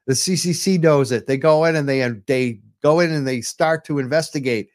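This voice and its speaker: A man's voice: on the high side, a little fast. A man from hosting a live-streamed talk show from home, speaking with urgent, impassioned advocacy into his computer mic while on camera. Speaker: livestream show host. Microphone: computer mic while on webcam.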